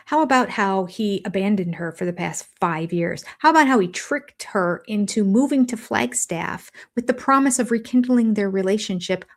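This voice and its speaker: An older woman talks through a reality show episode with blunt, exasperated sarcasm. Her voice sits at an ordinary middle pitch, and she has no patience for empty apologies. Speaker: show commentator. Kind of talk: reality TV reaction commentary.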